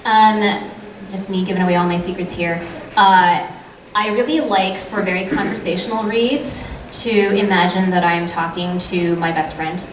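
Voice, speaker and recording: A woman's voice: lowish voice, normal speed. A woman voice actor answering audience questions on a convention panel in a chatty, eager way. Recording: echoey hall, distant mic, noisy crowd.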